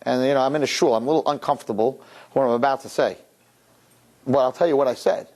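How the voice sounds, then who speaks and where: A male rabbi telling a story in a sermon, animated, acting out the people in it. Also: medium pitch, fast. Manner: animated, acts out characters.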